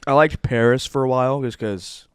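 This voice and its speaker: A man's voice: mid-range voice, moderate pace, smooth, dry recording, clean studio sound. A young man cohosting a casual sports chat, talking in an easygoing, offhand way. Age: young adult.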